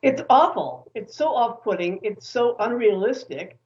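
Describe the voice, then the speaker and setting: A woman author being interviewed, telling stories in an animated, opinionated way. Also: a little high, unhurried, lo-fi sound. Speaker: author and guest.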